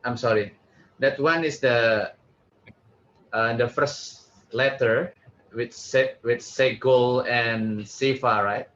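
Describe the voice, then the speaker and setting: Slow, tentative man repeating words. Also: medium pitch, fairly even intonation, a bit bright. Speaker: language student. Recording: dull lo-fi sound.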